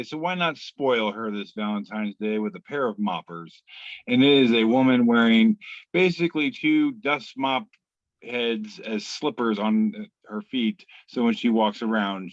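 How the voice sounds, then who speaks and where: A man hosting a casual comedy podcast, reading out memes in a wry, deadpan way with filler pauses. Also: fairly low pitch, dry recording, lo-fi sound.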